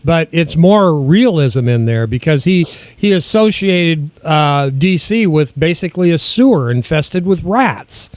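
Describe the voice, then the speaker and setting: Rambly cohost guy, highish voice, dry sound. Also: expressive, unhurried, few pauses, dry recording. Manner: rambling, restarts, chuckles. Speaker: co-host. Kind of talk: casual chat.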